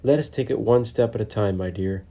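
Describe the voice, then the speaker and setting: A man voicing a wise old male squirrel elder who speaks calmly and with gentle formality. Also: fairly low pitch, gravelly. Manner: calm, measured, gently formal.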